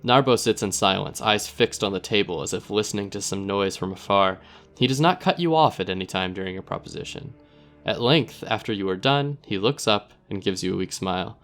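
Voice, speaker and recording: Man, lowish voice, relaxed game narration and commentary, casting note. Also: fairly quick. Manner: relaxed, thinks aloud with fillers. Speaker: gaming video host. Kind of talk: reading game text aloud with commentary.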